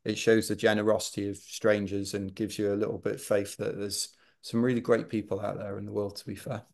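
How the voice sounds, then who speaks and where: A Welsh man speaks in a low, relaxed register. He tells his story with chatty, animated energy as a guest in a casual interview. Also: a little fast, vocal fry. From Wales. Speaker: podcast guest, ultrarunner.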